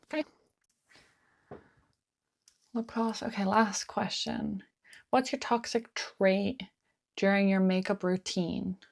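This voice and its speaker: Relaxed chatty woman, dry close sound. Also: mid-range voice, measured pace, vocal fry, no room sound. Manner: relaxed, muttering asides to herself while working. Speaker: beauty vlogger. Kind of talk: chatty get-ready-with-me talk. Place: at home.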